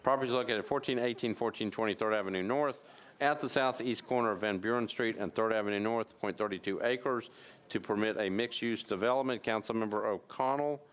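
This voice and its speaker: Low, smooth-voiced man chairing a council. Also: fairly bright tone. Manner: brisk, routine parliamentary cadence. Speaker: council president chairing meeting. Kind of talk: formal procedural reading of bills. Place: council chamber.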